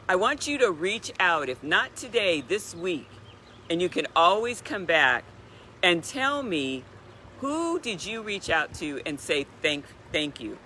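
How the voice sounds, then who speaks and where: A woman in her sixties telling a story in a chatty, animated way, giving a motivational talk on a live stream. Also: lowish voice, slight background noise. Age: 60s. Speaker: wellness speaker.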